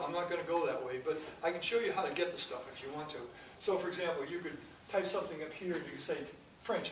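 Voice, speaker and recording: A man's voice: a little high, a bit bright. Man lecturing a coding class, rambly, echoey room, lots of background hiss. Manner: rambling, with fillers and restarts. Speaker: programming teacher. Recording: echoey room from far off, noisy.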